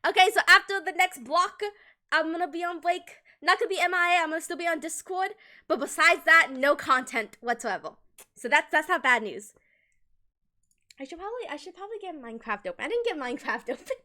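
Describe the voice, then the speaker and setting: A woman's voice: very high voice, lively intonation, brisk, pushed and bright. A woman from Colombia chatting casually with viewers on a livestream, giggling often and talking animatedly with her hands near a desk microphone. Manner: giggly, laughs often between sentences.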